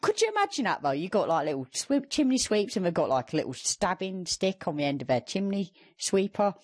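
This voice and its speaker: A man's voice: high-pitched, very animated, brisk. A young man co-hosting a gaming podcast, chatting casually with lots of fillers and a sarcastic streak. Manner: rambling, filler-heavy, sarcastic. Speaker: podcast co-host. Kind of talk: casual banter.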